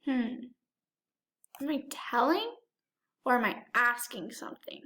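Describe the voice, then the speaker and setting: A woman's voice: a little high, very animated, slow, pauses often, pushed and bright. A woman teacher giving a remote lesson to young children, talking directly to them in an encouraging, sing-song way.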